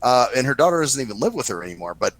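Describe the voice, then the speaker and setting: A man hosting a casual talk show, telling a story in a profane, lively way and acting out what others said. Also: mid-range voice, racing, dry recording, low-quality recording. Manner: profane, animated anecdote-telling, acts out quoted voices. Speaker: podcast host.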